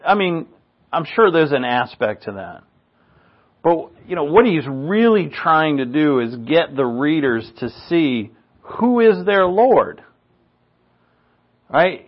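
A man preaching a sermon in an earnest manner, his pitch rising on rhetorical questions. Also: highs cut off.

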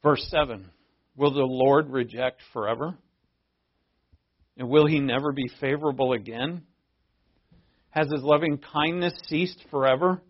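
A man's voice: mid-range voice, unhurried, long pauses. A man preaching a sermon, talking conversationally and reading scripture aloud, with emphatic bursts. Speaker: pastor. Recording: dull lo-fi sermon recording.

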